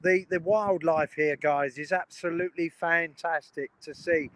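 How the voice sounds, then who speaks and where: A man with a fairly high, slightly bright voice speaks in a steady tone and at a somewhat slow pace. He's live-streaming outdoors beside a railway line as a train spotter, chatting eagerly with viewers in casual commentary. The recording is dry and low in quality.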